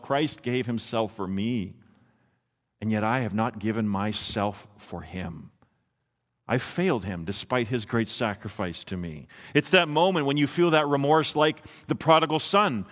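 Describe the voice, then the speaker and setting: A man preaching a sermon as pastor, moving from hushed, slow reflection to quick, rising intensity. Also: on the high side, in a large hall. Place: church sanctuary.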